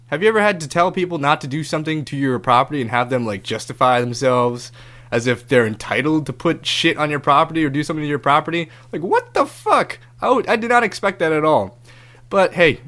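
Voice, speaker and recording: Guy rambling thru a story on his podcast, swears a lot, kinda high voice, gets loud doing other people's lines. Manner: animated, profane, acts out people's lines in raised voices. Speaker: podcast host. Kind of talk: casual storytelling monologue.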